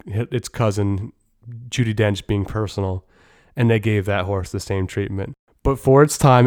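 A man's voice: fairly low pitch, a little mellow, smooth, dry recording, studio quality. A man hosting a casual movie review podcast, talking in a blunt, opinionated and joking way, with some swearing. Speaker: podcast host.

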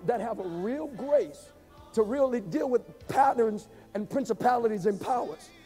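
A man preaching a sermon as pastor, swinging between emphatic shouts and hushed, low passages. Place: church.

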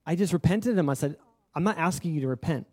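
A man's voice: fairly high pitch, animated, quick pace, a little mellow, slightly rough. A young man preaching a sermon, telling a personal story in an earnest, conversational way with lots of filler words. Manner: earnest and confessional. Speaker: pastor.

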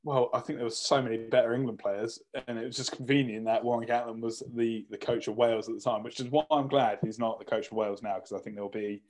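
Animated man ranting about picks. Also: medium pitch, fast talker, hardly any pauses. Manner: animated, teasing, jokes and rants. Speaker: podcast co-host. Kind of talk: casual podcast banter about rugby.

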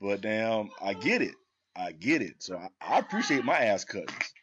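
Man, casual storytelling chat, profane, animated, bright tense tone. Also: fairly low pitch, moderate pace, dull audio, slight background noise. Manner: profane, animated storyteller who acts out quotes.

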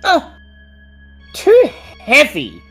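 A woman's voice: high voice, wildly swooping pitch, extremely slow, a bit bright, faint music behind, voice pushed up, full character voice. An eerie sing-song little girl. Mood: petulant. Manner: sing-song, singsong humming, playful.

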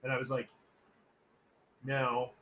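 This podcast host has a medium-pitched, bright, forceful voice that stays monotone and slow. He rambles through stories with jokes and profanity, doing the voices of people he quotes, all on a rough recording.

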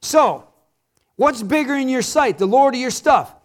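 A man's voice: extremely high pitch, lively intonation, a little slow. A middle-aged man preaching a sermon as pastor, talking to his congregation in a conversational way with rhetorical questions and repetition.

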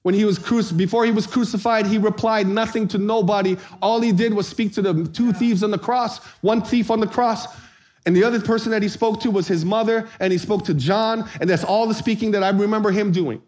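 A man's voice: high-pitched, brisk. A man preaching a sermon, telling a comic story and acting out voices. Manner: animated storyteller, acts out voices, shouts for comic effect. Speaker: pastor.

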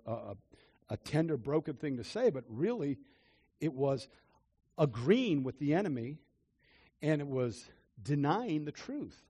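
An older man preaching a personal testimony, earnest and repetitive, swinging between loud declarations and hushed confessions. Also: mid-range voice, breathy edge. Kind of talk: testimony-style sermon.

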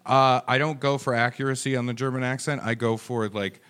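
A man's voice: mid-range voice, steady tone, brisk, a bit bright, clean tone. A man from the United States co-hosting a podcast, rambling and joking in casual chat, often swearing. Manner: rambling, profane, jokey. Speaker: podcast co-host.

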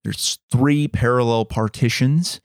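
A man co-hosting a podcast, telling a story in a measured, dramatic way. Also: mid-range voice, steady tone, dry recording, studio quality. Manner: measured, dramatic storytelling, acts out quoted voices. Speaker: podcast co-host. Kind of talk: storytelling in casual chat.

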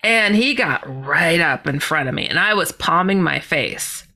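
A woman guest telling a personal story in a lively way, laughing and exclaiming often. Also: on the low side, a little slow. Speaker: guest author.

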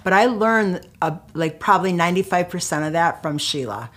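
A woman's voice: fairly low pitch, lively intonation, fairly quick, a bit bright. A middle-aged woman, a guest on an interview show, telling her story in an emotional, candid way with many fillers and restarts. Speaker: guest, author and anti-violence activist. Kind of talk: conversational storytelling.

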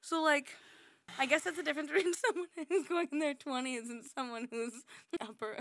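A young woman in her twenties with a bright, crisp voice, joking and swearing bluntly as she reacts. Her voice is close and dry, with no room around it. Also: high-pitched, brisk, dry recording. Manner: blunt, joking, laughs often. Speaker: podcast co-host. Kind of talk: casual reaction chat.

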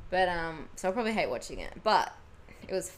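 A woman's voice: lowish voice, big pitch swings, fairly quick. A young Australian woman, an actress, chatting about her work and laughing often as she tells stories. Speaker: actress guest. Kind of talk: casual chat. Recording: faint background noise.

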